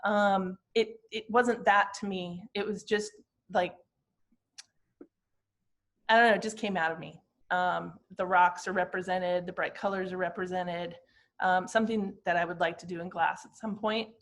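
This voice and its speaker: Reflective woman in her fifties, halting. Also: on the low side, steady tone, fairly bright tone. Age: 50s. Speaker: glass artist presenting her work. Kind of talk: talking through slides of her artwork.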